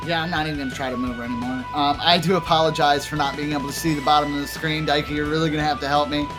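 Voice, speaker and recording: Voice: mid-range voice, fairly even intonation, racing, music in the background. An esports caster giving live tournament commentary from a home setup into a desk mic with a pop filter, talking in a chatty, rambling way with laughing asides. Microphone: desk microphone with pop filter.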